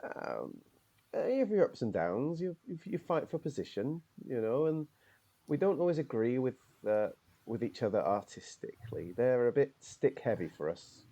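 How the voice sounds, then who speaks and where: A man's voice: mid-range voice, big pitch swings, normal speed, dark tone, dull audio. Kelvin, a man playing a proud old-school Morris dancer. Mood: boastful. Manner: opinionated, rambling, says "aye". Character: proud middle-aged male Morris dancer, fussy. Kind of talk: improvised character role-play.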